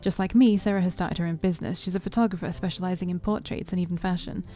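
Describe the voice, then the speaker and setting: A woman's voice: fairly low pitch, fairly even intonation, fast, warm tone, soft background music. A woman reading a story game aloud in first person, playful, with her own asides. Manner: playful, with side comments. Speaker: let's play streamer.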